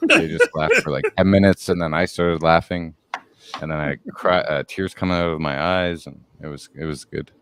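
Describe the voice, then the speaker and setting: A man's voice: rumbling low, steady tone, moderate pace, a bit bright, a little hiss or hum. A man co-hosting a casual chat, teasing and telling jokey stories, running on little sleep. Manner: joking, teasing storyteller. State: sleep-deprived. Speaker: co-host.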